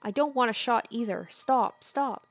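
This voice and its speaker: A woman's voice: on the high side, unhurried, gravelly, soft background music, pitched above the performer's own voice. A woman reading the lines of a disturbed teenage girl from a visual novel, repeating herself feverishly. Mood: frantic. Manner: feverish, repetitive apologizing.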